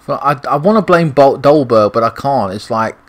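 A man's voice: mid-range voice, poor audio. A young British man giving frustrated, swear-heavy commentary over a football video game. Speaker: gaming YouTuber. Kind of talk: gameplay commentary.

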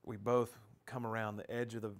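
A law enforcement officer with a somewhat low male voice relives the events in the present tense. His delivery is vivid and direct. He speaks in a documentary interview. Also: flat delivery, a little fast, a little hiss or hum.

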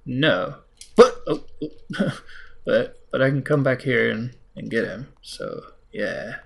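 An American man talks through his gameplay in a loose, chatty way, with a gravelly, fry-edged voice at a middle pitch. He teases himself, scolds the game and now and then jumps up into surprised high yelps. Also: animated, takes it slowly, a bit bright. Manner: self-mocking, talks to the game, sudden high exclamations. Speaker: let's play host. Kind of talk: casual gameplay commentary.

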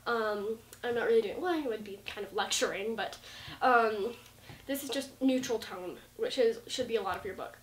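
With a fairly high voice at normal speed, a vlogger discusses writing in loose, rambling talk to camera, full of likes and ums, acting out dialogue lines along the way. The audio is roomy from a distant mic, with slight background noise.

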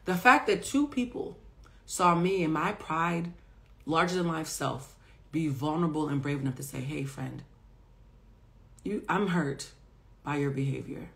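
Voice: mid-range voice, expressive, moderate pace, fairly bright tone. Life coach, casual live-stream monologue, emphatic, blunt, swears freely, speaks straight to viewers. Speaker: life coach and psychic reader.

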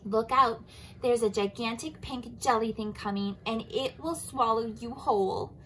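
A woman's voice: a little high, a little slow, slight background noise, close to an everyday voice, rough recording. A woman voicing an anxious anteater in a storybook read-aloud, warning urgently. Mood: alarmed.

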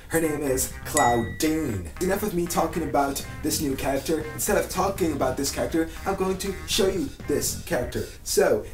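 A young man talking casually to his viewers in a relaxed, chatty way. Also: a little high. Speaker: YouTuber. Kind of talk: casual vlog talk. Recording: echoey room, mic at a distance, faint music.

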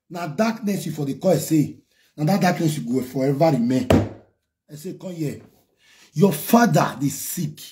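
A Nigerian man hosting a talk show, berating a caller in a scolding, mocking way. His voice sits a little high but sounds mellow and warm. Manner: scolding, mocking, rising into loud outbursts. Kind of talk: ranting at a caller in Nigerian Pidgin.

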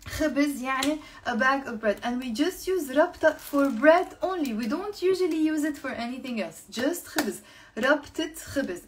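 A woman with a Lebanese accent leads a live online Arabic lesson over a video call. Her voice sits a little high, and she switches between English and Arabic. She slows right down when modeling words for her students. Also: a little hiss or hum. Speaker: Arabic teacher.

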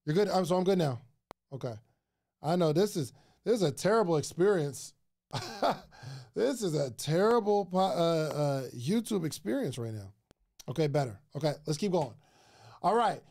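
High, gravelly man chatting excitedly. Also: normal speed, pauses often. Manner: excitable, repeats phrases, chatty with viewers. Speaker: podcast host giving advice. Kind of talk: casual livestream talk.

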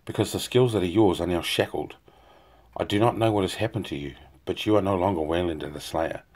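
A man reading the lines of a weary, proud male assassin hunter in a grim, measured way. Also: sits low, a little mellow. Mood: earnest. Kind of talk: audiobook dialogue reading.

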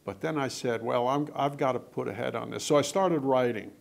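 A man's voice: medium pitch, a little fast, vocal fry. An older man, an author, chatting and telling anecdotes with lots of quoted dialogue. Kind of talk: casual storytelling in conversation.

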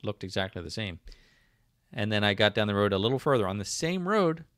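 A man's voice: on the low side, sing-song, a little fast, a bit bright, clear, resonant tone, no echo, studio quality. A man with a South Jersey accent hosting a casual livestream, rambling with many fillers and restarts as he answers viewer comments. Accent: South Jersey / Philadelphia. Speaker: livestream host.

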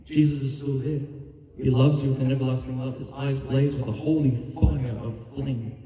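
A man's voice: medium pitch, fairly even intonation, normal speed, a crowd in the background. A man preaching an evangelist's sermon with passion, building to a fervent altar call and prayer. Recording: roomy hall reverb, distant mic. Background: music under the preaching.

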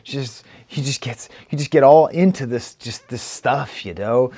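Animated man with a mellow Rochester accent. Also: medium pitch, a little slow, few pauses, slightly rough. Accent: Rochester, New York. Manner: animated, playful, breaks down rhymes by reciting them. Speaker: music reviewer. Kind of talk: casual spoken album review.

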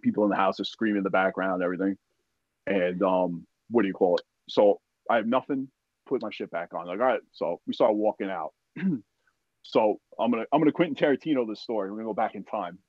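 Low-voiced man telling a profane war story. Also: quick pace, no room sound. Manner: profane, animated retelling with acted-out quotes; heavy use of "like" and "you know". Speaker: podcast guest, army veteran. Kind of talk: casual storytelling. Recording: dull, dry podcast audio.

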